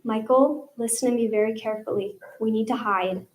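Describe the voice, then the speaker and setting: A woman's voice: fairly high pitch, steady tone, fairly quick, reverberant, natural voice. A woman reading aloud and voicing a determined, protective boy, speaking steadily and urgently.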